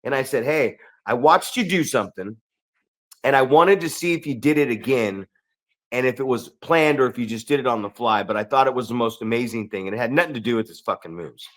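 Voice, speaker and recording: A man co-hosting a wrestling podcast, telling excited stories in a casual, profane way and acting out what others said. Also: mid-range voice, fairly quick. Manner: animated, swearing storyteller who acts out quotes. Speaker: podcast co-host.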